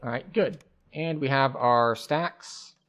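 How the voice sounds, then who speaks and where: A man streaming a game, thinking aloud and calmly explaining the mechanics as he plays. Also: medium pitch, takes it slowly. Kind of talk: casual gameplay commentary.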